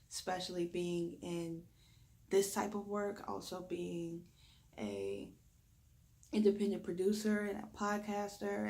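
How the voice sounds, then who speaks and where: Deep, raspy Southern woman with a lisp. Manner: talks fast when excited, deliberately slowing down. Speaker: reiki practitioner and podcaster. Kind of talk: spoken reflection during a reiki session.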